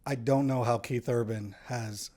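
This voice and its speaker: A man's voice: medium pitch, fairly even intonation, a little slow, dark tone. A man from Puerto Rico, a podcast guest, chatting casually in a teasing, wry way. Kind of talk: casual chat.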